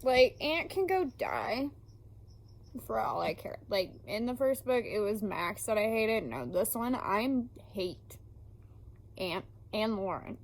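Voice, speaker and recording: A woman book vlogger ranting casually about her reading, swearing often and filling pauses with ums. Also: fairly high pitch, sing-song, poor audio.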